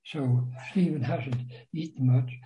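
A man lecturing on a novel, reading passages aloud and commenting on them in a slow, halting way with frequent pauses and fillers. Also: mid-range voice, warm tone, muffled recording, a little hiss or hum. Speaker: literature lecturer.

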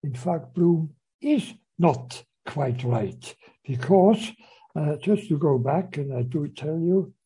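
Very husky, dark-voiced male lecturer. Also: on the high side, expressive, takes it slowly, poor audio. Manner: hesitant, many uh fillers and restarts. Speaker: literature lecturer. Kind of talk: lecture with read-aloud passages.

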